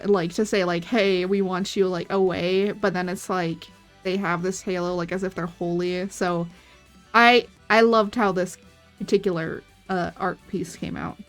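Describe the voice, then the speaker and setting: A woman's voice: mid-range voice, fairly bright tone, smooth. A woman chatting casually on her art livestream, rambling and giggling as she retells stories. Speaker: streaming artist. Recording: faint background music.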